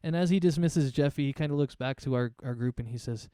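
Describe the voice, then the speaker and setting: Mellow, smooth-voiced man running a game. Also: medium pitch, fast, dry recording, clean studio sound. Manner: relaxed, rambling, many fillers. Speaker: game master. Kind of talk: tabletop game narration.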